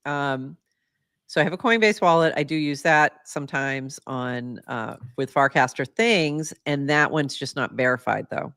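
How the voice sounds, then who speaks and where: Chatty woman with a low voice. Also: a bit bright, clear, resonant tone, no echo, clean studio sound. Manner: chatty, playful, quick to laugh. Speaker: podcast co-host. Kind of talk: casual chat.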